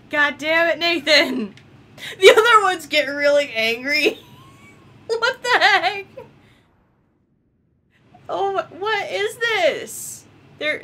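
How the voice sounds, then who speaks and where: A young woman casually commenting on a game she is playing, excitable and giggly, swearing often. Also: very high voice. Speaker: gameplay commentator. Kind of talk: casual let's-play commentary.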